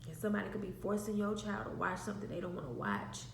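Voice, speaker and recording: A woman's voice: medium pitch, animated, fast, vocal fry. A woman earnestly telling a personal testimony to viewers, often repeating phrases for emphasis. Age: adult with an infant. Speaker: vlogger sharing a personal testimony. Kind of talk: emotional personal storytelling. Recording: echoey room with faint noise.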